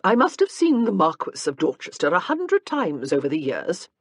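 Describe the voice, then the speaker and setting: A woman's voice: on the low side, huge pitch swings, normal speed, husky, dry recording, clean studio sound, full character voice. A woman voicing a frank, opinionated older mother in an audiobook.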